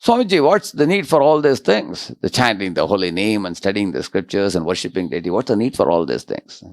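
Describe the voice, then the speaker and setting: A man's voice: lowish voice, big pitch swings, fairly quick, a little mellow. A man voicing a worldly middle-aged man who boasts of his pleasures and challenges a monk, in a brash, challenging manner. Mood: boastful.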